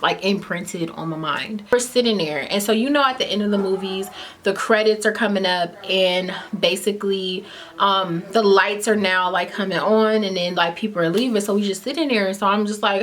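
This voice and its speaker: A woman's voice: mid-range voice, normal speed. A woman in her twenties telling a casual storytime in a chatty way, filling her talk with "like" as she retells a bad date. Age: 20s. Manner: chatty, many "like" fillers, lively retelling. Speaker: vlogger.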